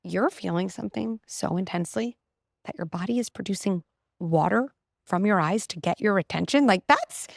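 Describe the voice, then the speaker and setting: Middle-aged woman, expressive guest expert, dry close recording. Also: mid-range voice, normal speed, vocal fry, no room sound. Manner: animated, explanatory, frequent "like" and "right?". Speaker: clinical psychologist, podcast guest. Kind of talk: conversational interview.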